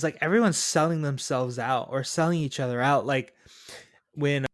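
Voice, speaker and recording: Male podcast co-host, mid pitch, rambling and hesitant, dry close recording. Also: no room sound. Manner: rambling, hesitant, laughs at own jokes. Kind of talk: casual movie review chat.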